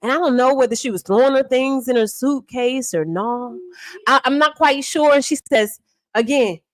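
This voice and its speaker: On a live stream, a woman with a high voice and normal pace recounts events, with no room sound in the audio. Her manner is dramatic and theatrical, her commentary animated and storytelling, and she calls viewers honey and baby.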